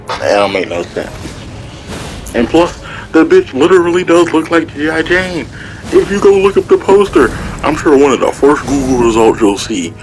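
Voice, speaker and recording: A man's voice: fairly low pitch, darkish tone, a little hiss or hum, rough recording. A man hosting his own channel, giving a profane, heated solo rant and laughing often. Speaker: channel host.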